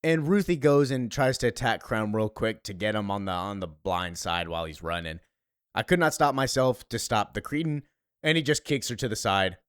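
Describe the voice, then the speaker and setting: Male comic reviewer, animated and casual, with a dry recording. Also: mid-range voice, clear, resonant tone, no echo.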